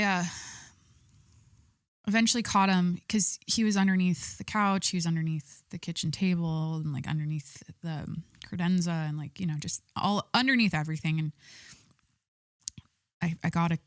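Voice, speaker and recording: A woman's voice: lowish voice, moderate pace, pauses often, dry recording, studio quality. A young adult woman hosting a podcast, talking casually and rambling with lots of filler words. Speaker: podcast host. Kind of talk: casual chat.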